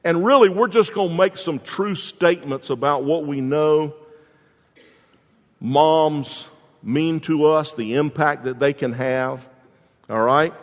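This is a fairly high-pitched man taking his time as he preaches, with a big-room sound around him. As a pastor, he spins folksy tales and frequently starts his lines again.

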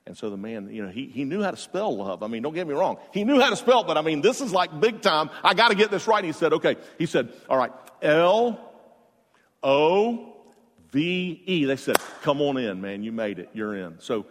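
A man preaches to his congregation, moving between loud, emphatic points and soft, quiet storytelling. His voice sits a touch high, and a long reverb from a large hall trails each phrase. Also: lively intonation, fast, few pauses. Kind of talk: sermon.

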